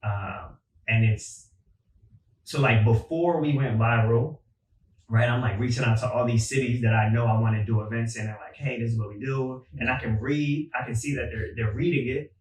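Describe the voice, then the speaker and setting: Relaxed man telling stories, roomy. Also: mid-range voice, moderate pace. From Philadelphia. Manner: relaxed, storytelling with filler words. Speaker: podcast guest. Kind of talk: casual conversation. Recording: roomy sound from a distance.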